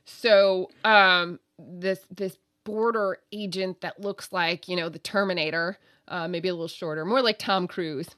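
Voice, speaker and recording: A woman comedian telling a story in an interview, animated, acting out the voices of the people in it and laughing often. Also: on the low side, a little slow, hardly any pauses, clean tone, no room sound, clean studio sound. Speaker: comedian guest.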